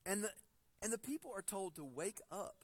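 A man's voice: sits high, expressive, brisk, slightly rough, no room sound. A man in his forties preaching a sermon, earnest and building to emphatic stresses, weaving personal stories into his point. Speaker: pastor.

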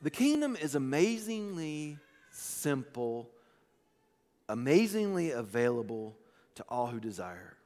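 In a church, a male pastor delivers a sermon in a casual, conversational way, often restarting his words. His medium-pitched, darkish voice moves unhurriedly with big pitch swings. Long reverb fills the church hall.

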